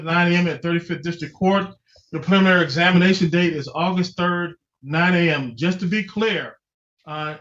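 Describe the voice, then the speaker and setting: A stern man judge presides over a hearing on a video call. His voice sits high and sounds bright and tense, coming through dull, muffled call audio. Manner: stern, firm commands.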